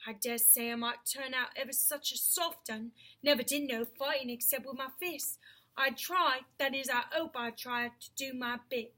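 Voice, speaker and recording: A woman's voice: high-pitched, steady tone, pushed and bright. Plain-spoken cockney cab driver, hesitant and humble, as a woman reader puts him on. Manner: hesitant, slow and deferential.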